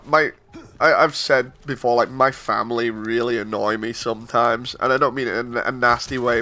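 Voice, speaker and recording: A man's voice: mid-range voice, sharp tone. A man streaming a game, rambling through an exasperated story with frequent laughs. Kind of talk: casual chat while gaming.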